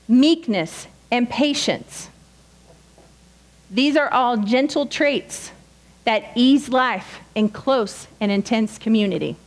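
A woman's voice: fairly high pitch, lively intonation, takes it slowly, poor audio. A woman giving a sermon at a women's retreat, earnest and direct, teaching with quoted asides. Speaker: retreat speaker. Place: retreat session hall.

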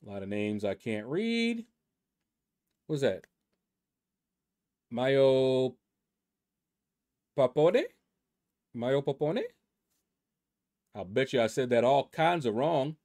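Male game channel host, mid-pitched, relaxed and rambling commentary. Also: normal speed. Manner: laid-back and rambling, with many asides. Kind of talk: casual commentary reading a leaderboard.

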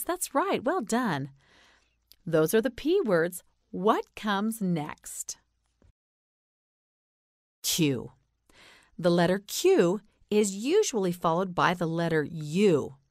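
Slow, carefully enunciating American woman teacher. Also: fairly low pitch, no echo, clean studio sound. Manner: slow, carefully enunciated, repeating words for learners. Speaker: English pronunciation teacher. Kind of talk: slow drilled vocabulary lesson.

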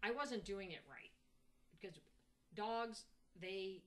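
A woman telling stories about her dog in a casual interview, halting with many restarts. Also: medium pitch. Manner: halting, many restarts, animated when mimicking.

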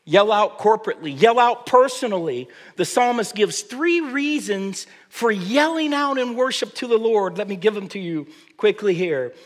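A man preaching a sermon as pastor, with a high voice, often restarting his phrases. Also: animated, moderate pace, hardly any pauses. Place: church sanctuary. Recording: long church reverb.

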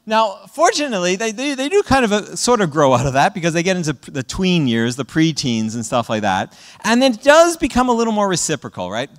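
A man giving a public talk to parents, an animated storyteller who often checks in with "right?" and acts out what children say. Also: sits high, a little fast, long reverb tail. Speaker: guest speaker. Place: presentation hall.

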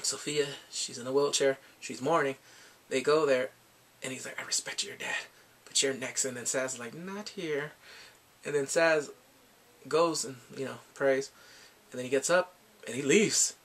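A man casually recapping a TV episode, lively and excitable, often jumping into playful voices for the characters. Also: mid-range voice, moderate pace. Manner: animated, bursts into shouts and playful quoted voices. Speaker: TV episode reviewer.

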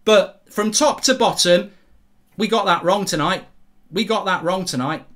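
Football host, middle-aged, ranting reaction, bright forceful tone. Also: male voice, sits high, unhurried. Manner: swearing, ranting, repeats himself. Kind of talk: live reaction commentary.

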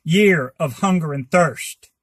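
A man announcing section headings in slow, grave statements. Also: a little high, fairly bright tone, slightly rough, no room sound.

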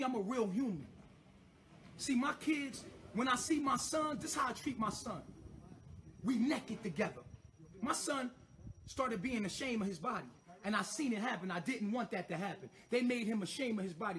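Very high-pitched blunt man. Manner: blunt, boastful, slangy. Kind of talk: blunt monologue to camera.

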